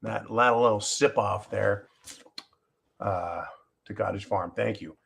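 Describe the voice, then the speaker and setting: A man's voice: lowish voice, fairly even intonation, slow pace, gravelly, a bit bright, slightly rough. A man hosting a live stream, talking passionately and emphatically to his viewers, swearing freely and calling them folks. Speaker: live show host.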